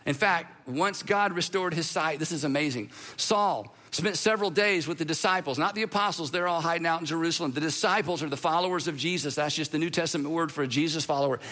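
A man preaching a sermon, telling the story in an animated way with playful humor. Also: on the high side, fast, hardly any pauses. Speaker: pastor.

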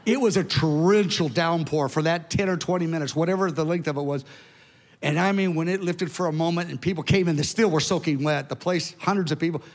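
Older male preacher, 70s, high voice, emphatic storytelling, big echoing sanctuary. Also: fairly quick. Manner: animated, emphatic, conversational asides. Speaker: pastor. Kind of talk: sermon storytelling. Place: large church hall. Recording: long hall reverb.

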